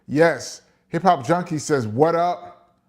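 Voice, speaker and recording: A man's voice: fairly high pitch, takes it slowly. Middle-aged man, New York accent, casual livestream host, long-winded, reads chat aloud. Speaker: host of a live chat show. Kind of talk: casual livestream chat, reading viewer comments.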